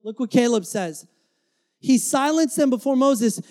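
Male pastor, slow deliberate delivery, dynamic emphatic sermon in a church. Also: very high voice, animated, darkish tone. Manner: dynamic, emphatic preaching with acted-out quotes. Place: church before a congregation.

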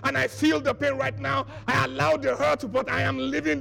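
A man preaching a sermon as pastor, swinging between shouted bursts and soft asides, leading the congregation in call-and-response. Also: extremely high pitch, flat delivery, normal speed, vocal fry, few pauses, soft background music.

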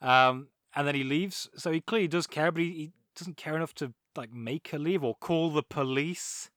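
A man, co-hosting a casual podcast and talking through a film with animated, mocking asides. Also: a little high, normal speed, dry recording, studio quality. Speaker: podcast co-host.

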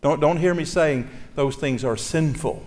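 A man's voice: fairly high pitch, measured pace, darkish tone. A man preaching a sermon as pastor, earnest and conversational, asking his congregation rhetorical questions. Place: church sanctuary. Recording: long reverb of a large church hall.

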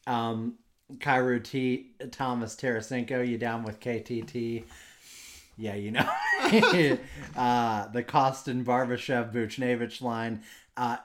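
A man co-hosting a casual sports podcast, jokey and excitable, laughing often as he talks. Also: mid-range voice, slow pace. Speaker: podcast co-host.

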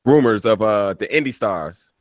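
A man's voice: fairly low pitch, lively intonation, normal speed, no echo, clean studio sound. A man co-hosting a casual wrestling podcast, hesitant with many fillers, then heated rants. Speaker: podcast co-host.

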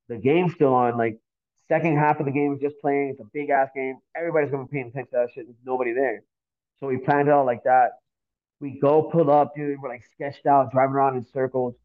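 A man from Miami spins a long story as a podcast guest, animated and full of slang and swearing. His pitch sits in the middle range, and the sound is thin and tinny, like it's coming through a phone line. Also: fairly quick. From Miami, Florida. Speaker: podcast guest, graffiti artist. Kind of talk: casual storytelling.

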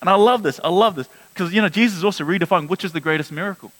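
A man preaching a sermon, earnest, with frequent repeated words and swings between loud rises and soft low drops. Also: very fast, rough recording. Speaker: pastor.

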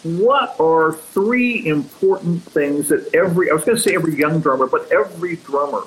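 A man hosting a casual interview, talking about drumming in an enthusiastic, chatty way and asking animated questions. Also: a little high, moderate pace, a little hiss or hum, poor audio. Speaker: podcast host and drum teacher.

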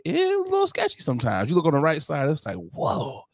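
A man's voice: fairly high pitch, racing, dry recording, studio quality. A man co-hosting a casual podcast, telling travel stories with lots of laughter and acting out the other people's lines. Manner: animated storyteller who acts out the other people's lines and laughs often. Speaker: podcast co-host. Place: home to Detroit.

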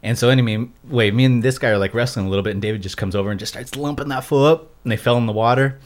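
Brief: man, mid pitch, rambling casual storyteller with many fillers. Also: very fast. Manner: rambling, full of "like".

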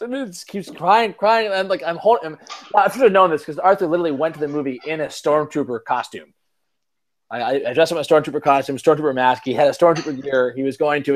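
A man hosting a podcast in casual chat, telling rambling, self-mocking stories and swearing casually. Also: mid-range voice. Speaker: podcast host.

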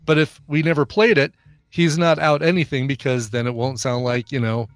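This podcast co-host speaks at a medium pitch and moderate pace, his intonation fairly even, in a dry recording. He chats casually, musing aloud and making playful arguments.

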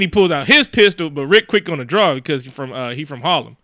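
Bright animated comedic storyteller man. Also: quick pace, no echo, studio quality. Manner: animated storytelling, voicing characters with big pitch jumps. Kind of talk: comedic movie recap.

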